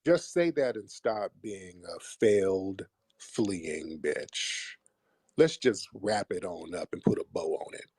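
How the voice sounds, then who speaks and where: A man hosting a live call-in stream, mocking and insulting his callers bluntly with slow, drawn-out put-downs. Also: sits low, expressive, a little mellow, slightly rough, dry recording. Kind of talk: combative call-in show talk.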